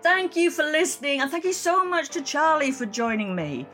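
A woman's voice: sits high, lively intonation, moderate pace, a bit bright, faint music behind. A woman hosting a history podcast, friendly in conversation and reading a scripted outro. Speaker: podcast host.

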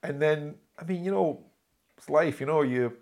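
Slightly high and darkish in tone, this man's voice moves at a normal speed as he tells a long story in an interview. He's an author and journalist, and his storytelling rambles conversationally with many restarts.

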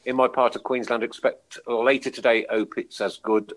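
A man's voice: mid-range voice, level tone, moderate pace. A man hosting a casual podcast, hearty and chatty, reading out listener messages. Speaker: podcast host.

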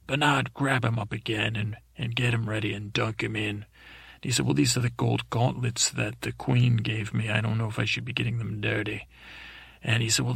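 Gravelly man rambling a sleepy story. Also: mid-range voice, a bit bright, dry recording. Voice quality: gravelly, husky. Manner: meandering, halting, full of restarts and fillers. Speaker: podcast host.

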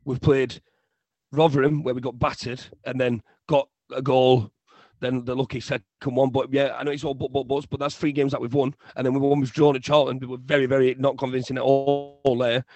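A young man co-hosting a casual football podcast, ranting in an animated way and often repeating himself. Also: medium pitch, fairly quick, dry recording. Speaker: podcast co-host.

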